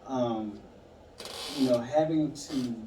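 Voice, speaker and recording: Man guest, mellow dark voice, halting and reflective, echoey room heard from a distance. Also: medium pitch. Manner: halting, reflective, many fillers. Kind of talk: casual conversation, personal story. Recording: echoey room, far mic, some noise.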